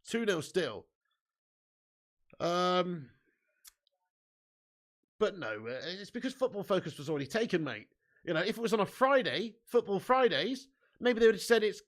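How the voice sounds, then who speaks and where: A man hosting a live football watch-along, excitably commentating and reading out viewer comments with casual swearing. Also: sits high, brisk.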